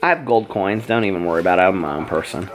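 A man's voice: low-pitched, fast talker, slight background noise, pitched below the performer's own voice, close to an everyday voice. Man doing a boastful carefree pet dog.

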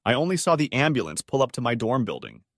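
A man reading out online stories in a lively scripted narration. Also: medium pitch, fast talker, dry recording, studio quality.

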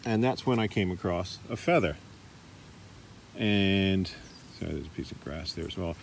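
A man's voice: deep voice, normal speed, creaky, a little hiss or hum. Australian man teaching massage outdoors. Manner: relaxed, chatty, with fillers. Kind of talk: casual demonstration. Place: park outdoors.

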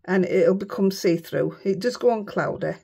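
A woman's voice: medium pitch, normal speed, gravelly, warm tone, slightly rough. A woman with a Yorkshire accent chatting casually while making cards, self-mocking and muttering to herself now and then. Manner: chatty, self-mocking, often mutters under her breath. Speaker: craft vlogger. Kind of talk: casual chat while crafting.

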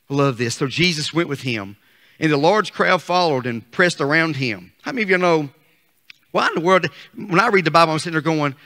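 Man, pastor, high bright voice, fervent preaching, long church reverb. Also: animated, a little fast. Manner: fervent, rising to shouts. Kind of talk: sermon. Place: church sanctuary.

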